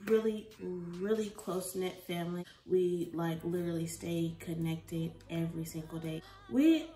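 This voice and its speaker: A woman in her twenties, a vlogger from the United States, talking in a rambling, expressive casual chat that swings between soft and loud. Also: lowish voice, measured pace, distant mic. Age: 20s. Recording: roomy echo, from the mic, faint music.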